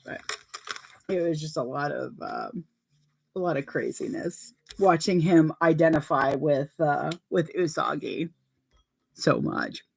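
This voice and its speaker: A woman's voice: low-pitched, measured pace, creaky, a little mellow, slight background noise. A woman vlogger chatting casually and telling anecdotes while talking through her sewing steps.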